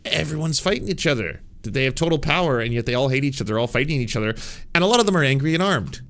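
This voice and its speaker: A man's voice: medium pitch, lively intonation, fast talker, a bit bright. A man hosting a podcast, giving sarcastic, rambling political commentary with frequent swearing. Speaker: podcast host.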